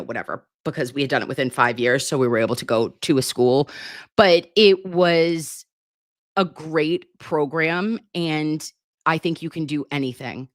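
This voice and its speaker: Using a computer mic, a low-voiced woman in her forties, who works as a nurse, hosts a laid-back livestream where she reads comments in a chatty, giggly and now-and-then flustered way, calling viewers babe. The recording is dry, with clean studio sound.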